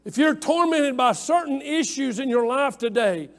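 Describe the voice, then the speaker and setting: A man's voice: very high-pitched, expressive, normal speed, few pauses. A man preaching a fervent sermon, calling out to his congregation and pressing his points with emphasis.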